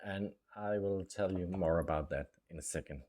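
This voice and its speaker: This middle-aged man, a native Norwegian speaker, tells his own life story casually. His voice sits low and mellow at a normal speed, and he chats along with plenty of fillers and small laughs, acting out quoted dialogue.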